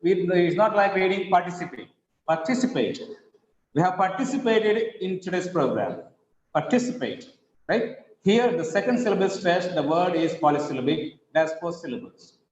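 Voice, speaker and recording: A man with an Indian English accent teaching an English pronunciation class online, speaking slowly and repeating words to model their stress. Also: high-pitched, expressive. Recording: echoey, dull online class audio.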